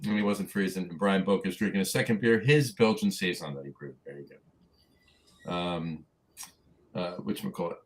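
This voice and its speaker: A man's voice: sits low, moderate pace. A man co-hosting a podcast, chatting casually and reading out listener comments. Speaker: podcast co-host.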